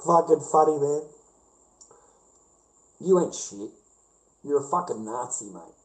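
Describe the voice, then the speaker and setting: A man's voice: a little high, lively intonation, slow pace, pauses often, poor audio. A middle-aged Australian man ranting on his live stream, swearing heavily and calling the listener "mate". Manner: swears heavily, says "mate" a lot, mocking laughs. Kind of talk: casual ranting monologue.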